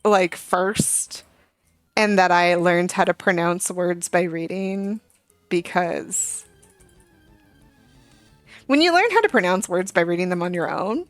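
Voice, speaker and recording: A woman's voice: lowish voice, lively intonation, takes it slowly, long pauses, no room sound. A young adult woman streaming a game, chatting casually and telling a rambling story full of fillers and asides. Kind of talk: casual gaming chat. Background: faint game music.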